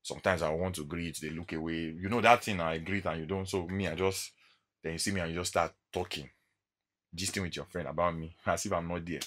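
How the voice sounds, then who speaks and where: Nigerian man talking to camera, bright voice. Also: deep voice, fairly quick. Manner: animated storytelling, acting out encounters. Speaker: vlogger. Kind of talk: casual monologue to camera.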